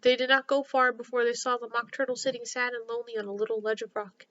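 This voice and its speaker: A woman storyteller narrating a classic children's book in a gentle, steady read-aloud style. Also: fairly high pitch, quick pace, dull audio, a little hiss or hum.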